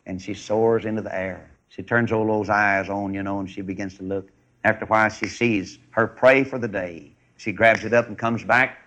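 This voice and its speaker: Folksy preacher telling a story. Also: male voice, lowish voice, lo-fi sound. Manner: folksy, animated storytelling with bursts of laughter. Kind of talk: sermon storytelling.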